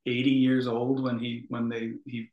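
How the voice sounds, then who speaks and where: A man's voice: mid-range voice, monotone, normal speed, roomy sound, phone-quality sound, crowd noise. A man co-hosting a casual podcast, chiming in with wry jokes and practical points. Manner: wry, joking. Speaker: podcast co-host. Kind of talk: casual conversation.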